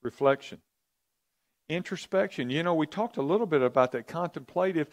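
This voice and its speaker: Lively-voiced man teaching a church class. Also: fairly high pitch, a little fast. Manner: conversational, asks the audience questions, repeats himself. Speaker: pastor or Bible teacher.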